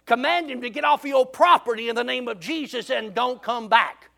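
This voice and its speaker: A man preaching, telling a folksy story in a lively, drawling way. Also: extremely high pitch, moderate pace, gravelly.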